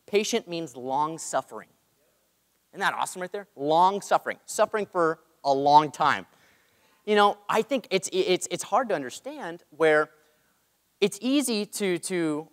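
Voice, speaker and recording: A young man preaching a sermon in an animated way, joking about his own faults. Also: sits high, normal speed. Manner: animated, self-mocking asides. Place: large church hall. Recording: long hall reverb.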